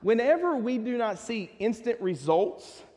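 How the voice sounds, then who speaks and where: A man with a high, light voice and a Texas twang preaches a casual sermon, drifting into jokes and asides to the people in the pews. His words ring out with a long reverb, as in a large church sanctuary. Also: big pitch swings, measured pace, a little mellow. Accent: Texan. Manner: conversational and joking, with asides to the congregation. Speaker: pastor.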